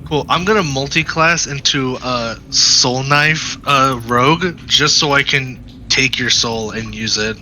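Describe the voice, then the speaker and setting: A man's voice: mid-range voice, a little slow, hardly any pauses, pushed and bright, a little hiss or hum, low-quality recording. A young man chatting casually with fellow tabletop players, rambling with fillers and laughing often. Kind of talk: casual chat among players.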